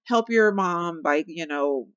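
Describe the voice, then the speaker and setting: Chatty, animated young woman narrating gameplay. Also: fairly low pitch, slow, clear, resonant tone, dry recording, highs cut off. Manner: chatty, animated, talks to viewers as y'all, laughs often. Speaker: gameplay commentator. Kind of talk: casual let's-play commentary.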